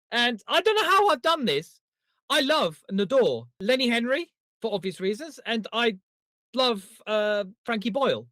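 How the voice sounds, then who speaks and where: A man's voice: extremely high pitch, dry recording, clean studio sound. A man co-hosting a comedy podcast in casual chat, rambling through jokey stories. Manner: animated, rambling, jokey storytelling. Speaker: podcast co-host.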